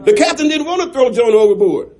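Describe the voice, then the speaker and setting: A man preaching a sermon as a pastor, shouting in rising runs and chuckling between lines. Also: extremely high pitch, expressive, fast.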